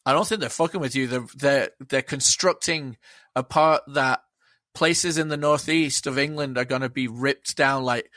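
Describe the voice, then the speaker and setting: A man's voice: medium pitch, moderate pace, sharp tone, no room sound. A man chatting as a podcast guest, enthusiastic and rambling, swearing freely. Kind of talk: casual chat.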